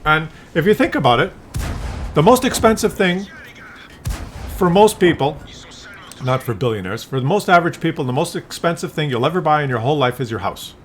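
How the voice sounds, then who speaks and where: A man's voice: a little high, very animated, brisk, a little hiss or hum. An older man talking in a loose, rambling monologue, often restarting words and acting out little scenes. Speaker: vlogger.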